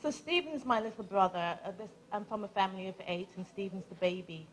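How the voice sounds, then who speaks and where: A woman's voice: mid-range voice, quick pace, slight background noise, poor audio. A woman giving a wedding speech as the groom's sister, playful and teasing herself, then heartfelt. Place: wedding reception.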